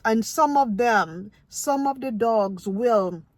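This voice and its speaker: A woman's voice: fairly high pitch, animated, slow, a little mellow, no echo. Emphatic woman lecturing into a phone. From Ohio, USA. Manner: emphatic, lecturing, repeats herself. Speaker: vlogger. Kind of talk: casual opinion vlog.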